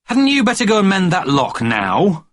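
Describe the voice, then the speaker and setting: A man voicing a brisk, dismissive mother. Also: sits high, huge pitch swings, fairly bright tone, dry recording, clean studio sound, voice pushed up, exaggerated voice.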